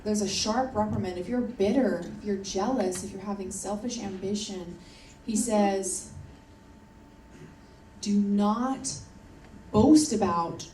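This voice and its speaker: A woman's voice: medium pitch, steady tone, moderate pace, dark tone, slight background noise. A woman preaching a sermon in an earnest, emphatic way, repeating her key points. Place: church hall. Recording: roomy church audio from a distance.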